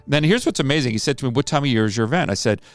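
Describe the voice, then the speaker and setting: A man who runs a charity golf tournament, telling an animated story and acting out the lines of the people in it. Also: mid-range voice, racing, dry recording. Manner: animated anecdote-teller, acts out quoted dialogue. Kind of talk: recorded interview storytelling.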